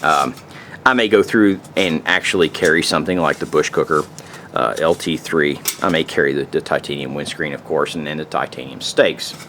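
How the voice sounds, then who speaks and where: A man's voice: a bass voice, normal speed, a bit bright, slight background noise. A man casually demonstrating camping gear, rambling in profane, folksy slang. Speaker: outdoor gear reviewer.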